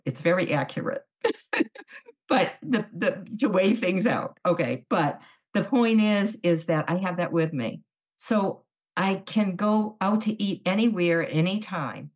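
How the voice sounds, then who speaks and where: Chatty middle-aged woman telling stories. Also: deep voice. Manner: chatty, animated storyteller acting out quoted dialogue. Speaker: guest. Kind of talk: casual podcast interview.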